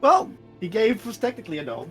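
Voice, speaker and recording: A man's voice: high-pitched, sing-song, quick pace, over music. A man playing a tabletop role-playing game, dry and matter-of-fact in his turns. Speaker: player. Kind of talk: tabletop role-play chat.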